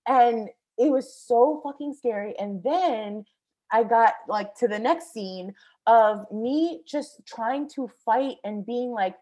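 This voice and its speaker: A young woman vlogger casually recounting a frightening experience, animated and full of fillers, with some swearing. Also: a little high, takes it slowly. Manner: breathless, animated, many fillers. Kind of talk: casual storytelling.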